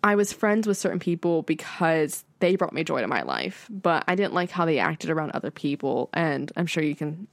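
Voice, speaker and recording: A young woman co-hosting a podcast, her voice sitting a little low for a woman. She chats loosely, leaning on "like" constantly and leaping up high when she retells a scene. The sound is close and dry. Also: sing-song, normal speed, hardly any pauses, no echo. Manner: chatty, fills speech with "like", rises sharply when retelling. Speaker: podcast co-host. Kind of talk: casual chat.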